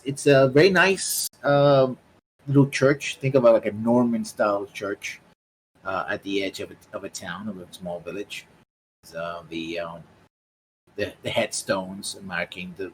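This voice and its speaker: A man narrating as game master for a tabletop game, halting and full of fillers. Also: deep voice, a little hiss or hum, rough recording.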